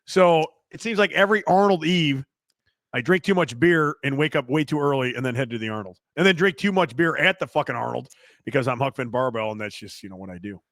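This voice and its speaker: A man's voice: medium pitch, expressive, a little fast, fairly bright tone, no room sound, clean studio sound. A man hosting a casual podcast chat, teasing his guest and swearing often. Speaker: podcast host. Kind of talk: casual chat, joking and profane.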